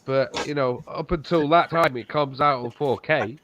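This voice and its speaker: A man chatting on a live stream, excitable and swearing often as he tells stories. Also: medium pitch, moderate pace, noisy background. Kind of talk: casual chat on a live stream. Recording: dull, lo-fi call audio.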